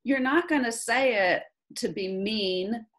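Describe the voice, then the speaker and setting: A woman's voice: on the high side, takes it slowly. A woman in her forties leading a group coaching call, talking animatedly and often checking in with the listener. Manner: animated, keeps checking in with "right?". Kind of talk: casual coaching chat. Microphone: video call.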